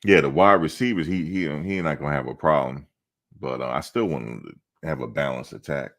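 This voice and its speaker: A man's voice: extremely low pitch, brisk. A male host of a football fan show, chatting casually in a playful, joking, slangy way and repeating himself for emphasis.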